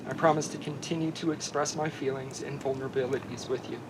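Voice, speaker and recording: Reading his wedding vows, the groom sounds earnest and heartfelt, his voice growing softer at the tender lines. He speaks fast in a steady, mid-range voice against a noisy background.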